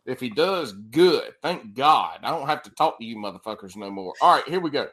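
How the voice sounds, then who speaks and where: A man hosting a podcast, bantering crudely and laughing loudly with his guests. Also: medium pitch, animated, brisk, breathy edge. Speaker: podcast host. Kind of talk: casual chat.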